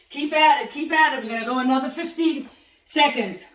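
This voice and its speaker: A woman's voice: high voice, normal speed, a bit bright, reverberant, distant mic, poor audio. A woman teaching a beginner boxing class, calling out punch combinations and encouraging the class while out of breath. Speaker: boxing fitness instructor. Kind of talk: live workout class coaching.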